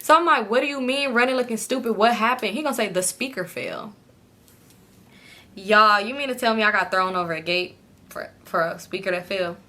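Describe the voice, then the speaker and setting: A young woman telling a club story in a casual storytime vlog, animated and profane, talking to viewers as y'all. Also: normal speed. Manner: animated, swings into high-pitched quoted voices.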